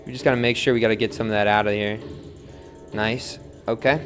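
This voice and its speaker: A young man chatting casually while demonstrating on the pottery wheel, reading viewer comments and counting softly as he works. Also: fairly low pitch, fairly even intonation, a little fast. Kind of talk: live-streamed pottery demo, casual teaching. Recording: faint music in background.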